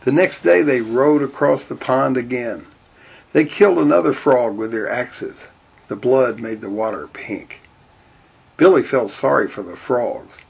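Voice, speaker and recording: A man reading a storybook aloud in a steady, deadpan way. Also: mid-range voice, measured pace, creaky, breathy edge. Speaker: narrator.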